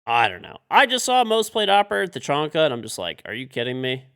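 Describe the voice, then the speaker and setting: A man's voice: sits high, wildly swooping pitch, quick pace, creaky, a bit bright, smooth. A man streaming a video game live, frustrated and swearing as he mutters to himself and talks to teammates. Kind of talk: live-stream commentary while playing.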